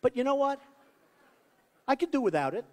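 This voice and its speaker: A man's voice: very high voice, very animated, moderate pace. A man giving an off-the-cuff campaign rally speech, rambling, repetitive and boastful. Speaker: political candidate. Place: large rally venue. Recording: long reverb of a big hall.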